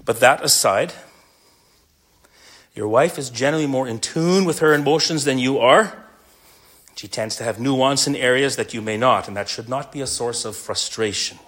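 A man's voice: medium pitch, normal speed, a bit bright. A middle-aged male pastor delivering a sermon to men, earnest and mixing in a humorous personal story.

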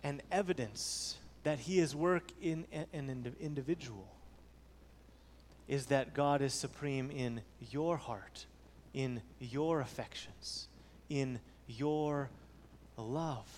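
A man preaching a sermon earnestly, repeating key phrases and swinging between soft low passages and raised emphatic ones. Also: takes it slowly, slight background noise. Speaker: pastor. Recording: long hall reverb.

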